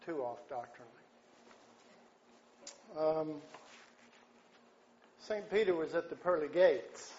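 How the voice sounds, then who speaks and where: Preacher guy, takes his time, keeps clearing his throat, dull lo-fi recording. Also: a little high, expressive, darkish tone. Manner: folksy, unhurried, frequent throat clearing. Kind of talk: sermon with an opening joke. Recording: dull lo-fi sound with faint background noise.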